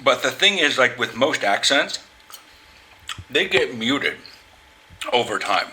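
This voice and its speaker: A man from the US Pacific Northwest giving opinionated vlog commentary, halting and restarting his sentences, with wry asides. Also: medium pitch, very animated, pushed and bright, low-quality recording. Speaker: vlogger.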